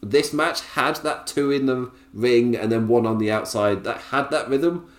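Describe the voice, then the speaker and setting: A man's voice: medium pitch, a little slow, echoey room. A man giving a casual, chatty review of a wrestling show. He laughs often and talks in loose, filler-heavy bursts. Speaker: wrestling podcaster.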